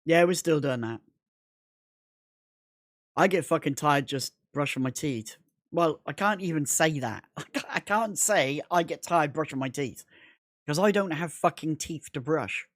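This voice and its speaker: A man's voice: a little high, measured pace, no room sound, studio quality. A man chatting casually on a gaming livestream, rambling, repeating himself and swearing constantly. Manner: rambling, repetitive, heavy swearing.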